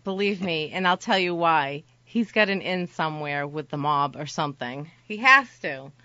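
A woman's voice: low-pitched, expressive, normal speed, bright, forceful tone, no echo, dull audio. A woman from Boston with a Boston accent, co-hosting a radio show, in casual banter and laughing often. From Boston area. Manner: laughs often, self-deprecating.

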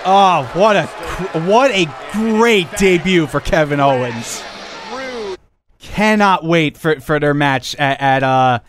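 A man's voice: a little high, slow, a crowd in the background, noisy background. A man hosting a wrestling podcast, chatting casually and rambling with restarts. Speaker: podcast host.

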